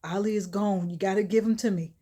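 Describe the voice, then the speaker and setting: A woman's voice: medium pitch, fairly even intonation, fairly quick, dark tone, breathy edge, lightly acted. A woman voicing a husband who speaks earnestly and firmly to his grieving wife. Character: shaken husband, man protecting his wife.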